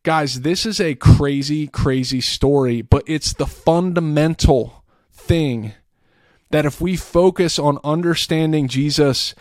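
A man's voice: fairly high pitch, slow pace, a little mellow, dry recording, clean studio sound. A man hosting a podcast, earnestly retelling a scripture story in a casual way, often repeating and restarting words. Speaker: podcast host. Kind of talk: faith talk, retelling scripture.

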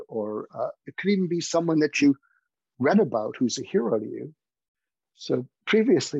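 A man's voice: medium pitch, gravelly, a little mellow, husky, no room sound, highs cut off. A man who is a doctor and podcast guest, telling stories earnestly in a conversational, anecdotal way.

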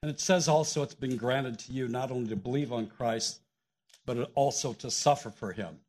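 A man preaching in a church, calmly explaining a Bible passage. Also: medium pitch, husky. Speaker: guest preacher. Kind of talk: shared sermon, scripture teaching.

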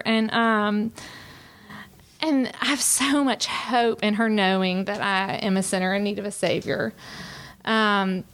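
A woman's voice: medium pitch, fairly even intonation, a little slow, fairly bright tone, clean tone. A woman, giving an earnest, confessional personal testimony with frequent fillers. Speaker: speaker sharing her testimony.

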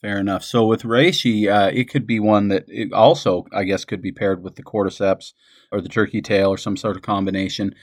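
A man hosting a conversation, relaxed and a little hesitant, with many fillers. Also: fairly low pitch, fairly quick, no room sound, studio quality. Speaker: host. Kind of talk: casual chat.

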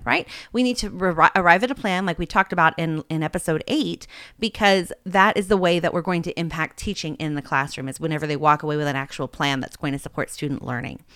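A woman's voice: lowish voice, fairly bright tone, clear, resonant tone, no room sound, studio quality. A woman hosting an education podcast, explaining coaching practice in an earnest, instructive way with occasional fillers and restarts. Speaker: podcast host and literacy coach. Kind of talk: podcast talk with an ad for her course.

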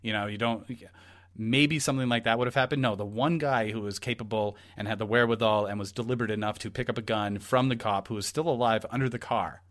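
A man co-hosting a casual true-crime discussion, talking in an animated, rambling way with frequent swearing. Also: on the low side, fast. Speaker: podcast co-host.

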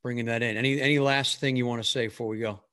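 A man's voice: mid-range voice, fairly even intonation, rapid-fire. Encouraging male podcast host. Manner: warm, encouraging, lots of "man" and "you know". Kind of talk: casual podcast interview.

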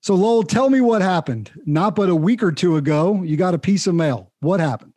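A male interview host with a somewhat raised pitch and a warm, mellow tone. He sets up his guest's story with earnest emphasis. The sound is dry, with no room echo. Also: expressive, a little fast. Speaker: podcast host. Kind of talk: interview hosting.

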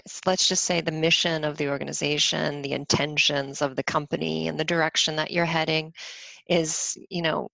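Low gravelly woman, rambling chat. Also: a bit bright, dry recording, poor audio. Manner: rambling, with many fillers and restarts. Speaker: podcast guest. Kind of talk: casual conversation.

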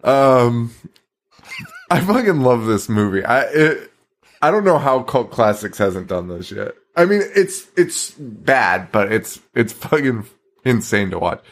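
A man's voice: mid-range voice, measured pace. A man co-hosting a podcast in casual chat, swearing freely and breaking into laughter all the time. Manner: profane, laughs constantly, excitable. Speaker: podcast co-host.

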